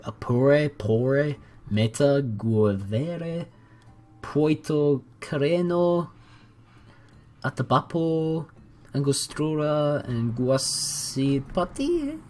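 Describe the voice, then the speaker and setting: A man casually commenting on a strategy game as he watches, playful and jokey, with excited outbursts. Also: fairly high pitch, extremely slow. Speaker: gaming commentator.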